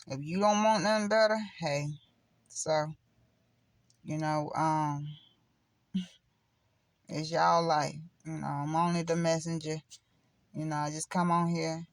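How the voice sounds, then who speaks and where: On her spiritual channel, a middle-aged woman chats casually straight to camera, rambling bluntly and preachily. Her voice is on the low side, with no room sound.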